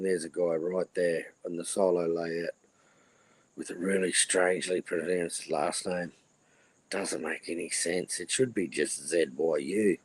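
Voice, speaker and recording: A man's voice: deep voice, a little mellow, slightly rough, rough recording. A middle-aged man hosting a casual livestream, rambling crudely and repeating his phrases. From Australia. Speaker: livestream host.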